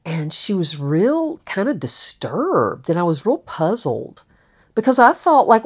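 Candid low-voiced woman telling her story. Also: sing-song, measured pace, breathy edge. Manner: candid, rambling, repeats words. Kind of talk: personal storytelling. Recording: dull lo-fi recording.

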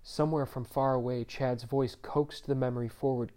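A man narrating a story in a measured, subdued reading. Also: mid-range voice, fairly even intonation, dark tone.

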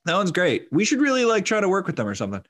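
A man's voice: sits high, wildly swooping pitch, rapid-fire, fairly bright tone. A man co-hosting a comedy podcast, chatting casually with frequent laughs and many fillers. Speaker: podcast co-host.

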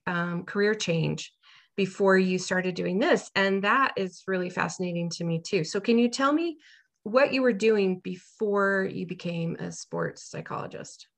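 A woman's voice: mid-range voice, fairly bright tone. A woman in her forties hosting an interview, asking questions with long, rambling lead-ins and many fillers. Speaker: interviewer, host.

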